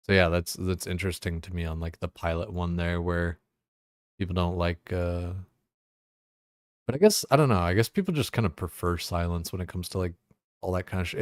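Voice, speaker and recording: Deep-voiced rambling, swearing streamer. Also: male voice, clear, resonant tone, no room sound, studio quality. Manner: rambling, profane, full of fillers like "like" and "you know". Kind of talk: casual chat.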